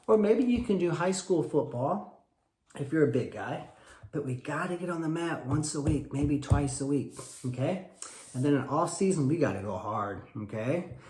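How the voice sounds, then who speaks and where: Emphatic wrestling coach, echoey room. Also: male voice, fairly high pitch, lively intonation, moderate pace, a little mellow. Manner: acts out little parent dialogues, emphatic and repetitive. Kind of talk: animated coaching talk.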